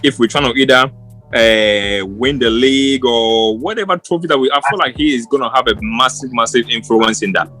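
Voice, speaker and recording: A man's voice: medium pitch, normal speed, sharp tone, faint music behind. A man co-hosting a casual football chat, rambling and restarting his sentences as he passionately argues his opinions. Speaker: football podcast co-host. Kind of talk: casual post-match chat.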